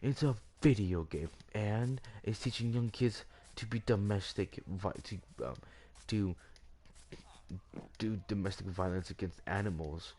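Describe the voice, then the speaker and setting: A man's voice: fairly low pitch, unhurried, darkish tone. A man ranting over gameplay as the channel's host, rambling and circling back over the same point with lots of "like" fillers. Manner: rambling, repeats himself, leans heavily on "like".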